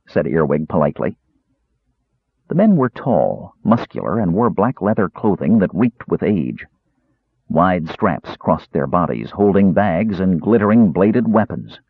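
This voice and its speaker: A man narrating a fantasy novel in an expressive storytelling way. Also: lowish voice, slightly rough, dry recording. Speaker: audiobook narrator. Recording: dull lo-fi recording.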